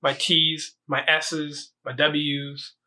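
A man's voice: a little high, flat delivery, extremely slow, bright, forceful tone. A young man with a slight lisp, co-hosting a casual podcast chat and laughing often. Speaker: podcast co-host.

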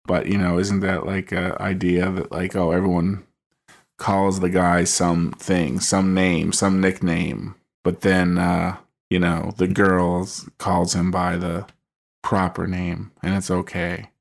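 A man co-hosting a podcast, chatting casually and haltingly about a film. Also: low voice, little pitch movement, gravelly. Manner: hesitant, full of fillers and restarts. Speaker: podcast co-host. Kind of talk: casual film commentary chat.

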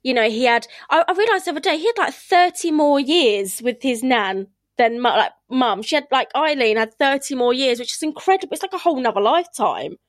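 A woman hosts a casual podcast with her sister, speaking openly and laughing easily. Her voice sits fairly high and sounds dry and close to the mic. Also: animated, brisk, hardly any pauses, dry recording. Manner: candid, laughs often while talking. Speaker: podcast host. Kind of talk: casual chat.

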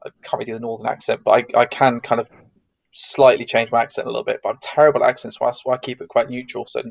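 A man's voice: mid-range voice, level tone, rapid-fire, gravelly, no echo, dull audio. A man from the south of England with a neutral English accent, chatting as an interview guest and rambling with many restarts. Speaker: guest, security consultant. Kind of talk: casual interview chat.

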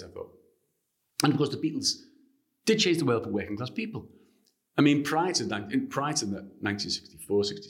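A man from Liverpool with a Liverpool accent, a guest author telling anecdotes in an interview in an animated way. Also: medium pitch. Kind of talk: interview storytelling.

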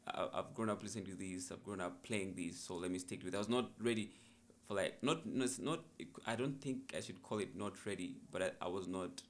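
A man's voice: low-pitched, brisk, few pauses, slight background noise. A young man, a musician, telling his story in a casual podcast interview in a laid-back, reflective way. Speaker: musician guest.

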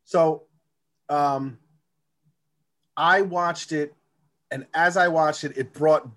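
A man's voice: a little high, fairly even intonation, slow pace, fairly bright tone, no room sound. A man co-hosting a podcast, talking in a loose, rambling way and laughing often during a casual chat about a movie. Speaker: podcast co-host.

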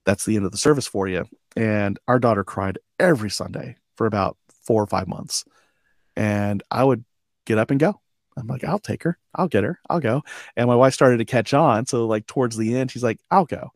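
A man in his forties, a veteran guest on an interview show, tells lively anecdotes and acts out the dialogue with frequent chuckles. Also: lowish voice, moderate pace, dry recording, studio quality. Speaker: podcast guest, army veteran. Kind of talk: storytelling interview.

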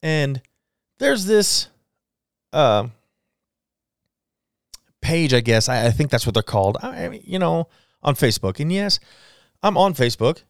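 A man's voice: a little high, sing-song, measured pace, long pauses, smooth, no echo, clean studio sound. A man in his forties hosting a solo podcast, ranting bluntly and swearing freely. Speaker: podcast host. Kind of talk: casual solo podcast rant.

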